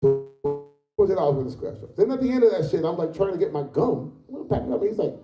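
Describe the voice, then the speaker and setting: A man's voice: high-pitched, big pitch swings, quick pace, reverberant, distant mic, over loud music. A fifty-year-old man doing a rambling, profane stand-up set in a comedy club. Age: 50s.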